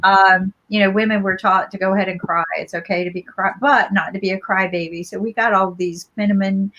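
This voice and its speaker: This middle-aged woman co-hosts a podcast, speaking in a mid-range, steady, slightly bright voice at a somewhat quick pace. She tells stories reflectively and conversationally, often checking in with listeners, on a muffled recording of casual podcast talk.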